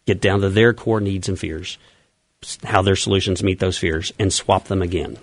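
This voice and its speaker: A man with a low voice talks eagerly and at length as a radio interview guest. The sound is dry and close to a studio microphone. He explains his plans step by step with clear enthusiasm. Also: fairly even intonation, moderate pace, no echo. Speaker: event organizer and coach.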